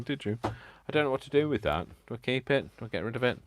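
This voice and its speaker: A British man hosts a live craft stream, working as he chats, poking fun at himself and laughing often. His medium-pitched voice is expressive and fast.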